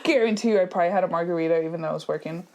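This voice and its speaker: On the low side in pitch, a podcast co-host in her thirties spins stories during easygoing talk. She stays animated throughout, often laughing and slipping in brief asides.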